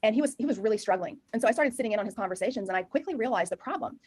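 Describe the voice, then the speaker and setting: A middle-aged woman from Texas with a Texan accent, giving an emphatic, loud sales training presentation to a room. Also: fairly high pitch, expressive, slightly rough. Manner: loud, emphatic, talks very fast.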